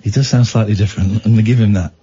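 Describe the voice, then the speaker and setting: A man's voice: fairly low pitch, fairly even intonation, rapid-fire, mellow, muffled recording, slight background noise. A man hosting a late-night radio phone-in, teasing and sardonic. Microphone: studio microphone.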